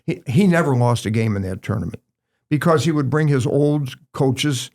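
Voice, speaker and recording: Older male ex-referee, gravelly mid-pitched voice, chatty anecdotal guest. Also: normal speed. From St. Louis area, USA. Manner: lively anecdotal storyteller, acts out quotes. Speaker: retired basketball referee, podcast guest. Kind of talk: casual storytelling chat.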